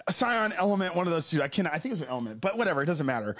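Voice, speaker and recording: A man's voice: on the high side, very animated, rapid-fire, fairly bright tone. A young man co-hosting a podcast, telling stories in a casual, swearing way and acting out other people's voices. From Texas. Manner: swears a lot, acts out people in quoted voices. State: injured toe. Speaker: podcast co-host. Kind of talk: casual chat.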